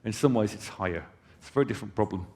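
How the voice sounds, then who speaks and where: A man delivers a conference presentation from a hall stage, explaining in a relaxed, conversational way with off-hand asides to the crowd. His voice sits a little low, and a long hall reverb trails behind each phrase. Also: very fast. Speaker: company presenter.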